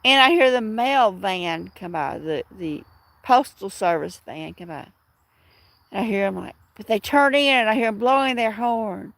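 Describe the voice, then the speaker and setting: A woman's voice: mid-range voice, lively intonation, moderate pace, gravelly, a bit bright, no echo. A middle-aged woman chatting casually with viewers on a livestream from home, rambling through stories with many restarts. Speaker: livestream host.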